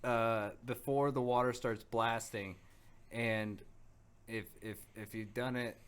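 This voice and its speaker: A man's voice: medium pitch, steady tone, slow, smooth. A man co-hosting a casual podcast, rambling through stories with many fillers and restarts. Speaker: podcast co-host. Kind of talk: casual chat.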